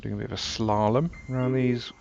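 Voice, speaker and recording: A man giving relaxed, wry, rambling commentary while playing a video game. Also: mid-range voice, brisk, creaky, background noise. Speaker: gameplay commentator. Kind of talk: casual gameplay commentary. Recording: dull lo-fi sound with game music behind. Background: game music.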